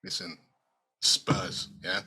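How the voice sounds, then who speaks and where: A man's voice: deep voice, level tone, slow pace, sharp tone, slightly rough. A man hosting a casual chat, reading out fan questions and teasing his guest with frequent laughter. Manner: playful, laughs often, teasing.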